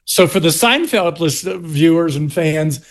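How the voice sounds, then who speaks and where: A man's voice: a little high, expressive, measured pace. An older man from South Carolina with a Southern US accent, a history teacher explaining his argument in an interview with restarts and pointed asides.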